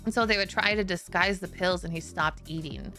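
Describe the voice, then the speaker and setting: A woman chats loosely with her stream audience, trailing off into fillers and breaking into laughter between thoughts. Her voice is bright and forceful. Faint music plays behind her. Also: on the low side, brisk. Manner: chatty and storytelling, laughs often, many "like" fillers. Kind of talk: casual chat.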